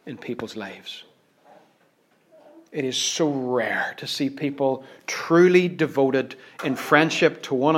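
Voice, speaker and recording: A man with a Northern Irish accent preaching a sermon, driving points home by repeating phrases and swinging between hushed asides and loud stresses. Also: medium pitch, a little hiss or hum.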